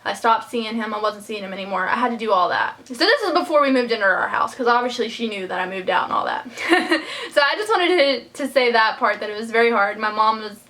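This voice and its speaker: Young woman's bright emotional vlog talk. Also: a little high, expressive, brisk. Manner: heartfelt, rambling, many fillers and restarts. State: close to tears. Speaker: vlogger. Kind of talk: personal storytime vlog.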